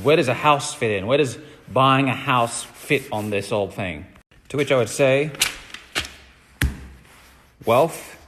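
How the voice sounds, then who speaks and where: A man's voice: medium pitch, big-room sound. A man giving a casual mini money lesson for his social media stories, blunt and emphatic, swearing freely. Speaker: entrepreneur teaching money lessons.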